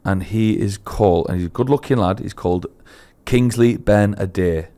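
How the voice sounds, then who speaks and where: A young man co-hosting a podcast, telling an embarrassing story in a casual chat, laughing at himself, his voice swinging between loud and hushed. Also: fairly low pitch, normal speed. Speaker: podcast co-host.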